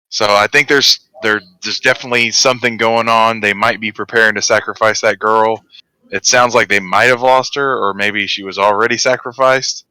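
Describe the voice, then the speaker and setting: A man playing a tabletop game, talking through his character's moves in a chatty way. He laughs easily. His voice is low-pitched but bright, on a dry, close recording. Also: steady tone, moderate pace, smooth, no echo, rough recording. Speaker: player.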